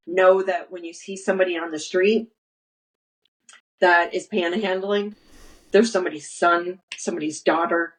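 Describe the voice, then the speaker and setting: A woman who founded a nursery is interviewed conversationally, recounting stories in an earnest manner, acting out what people said and restarting frequently. She speaks at a moderate pace in a steady tone, her voice on the low side, captured in a low-quality recording.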